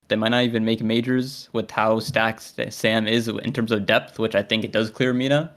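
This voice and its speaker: A man's voice: on the low side, fairly bright tone. A man co-hosting a casual podcast chat, thinking aloud and revising his answers as he talks. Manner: thinks aloud, changes his mind mid-sentence. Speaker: podcast co-host.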